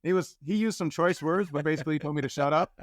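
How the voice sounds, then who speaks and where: A man telling a personal story as a podcast guest, acting out the quoted dialogue with lively shifts in voice. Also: a little high, quick pace, no echo, clean studio sound. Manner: animated storyteller who acts out quoted dialogue.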